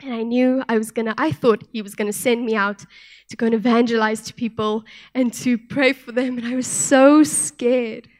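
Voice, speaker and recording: A young woman from South Africa giving an earnest sermon with personal testimony, speaking softly and often restarting her sentences. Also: a little high, steady tone, moderate pace. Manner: soft-spoken, earnest, with frequent restarts. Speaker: church speaker.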